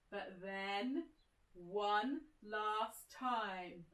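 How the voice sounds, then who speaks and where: A woman telling an interactive children's sensory story, gently encouraging listeners to act it out. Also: mid-range voice, slow pace, echoey room, poor audio. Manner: gentle, encouraging, directs listeners to move along.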